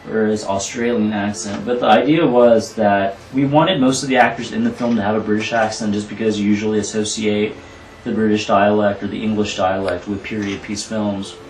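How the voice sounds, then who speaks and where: A film director answering interview questions with earnest, rambling explanations. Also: male voice, on the low side, recorded from a distance. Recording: roomy, from off the mic.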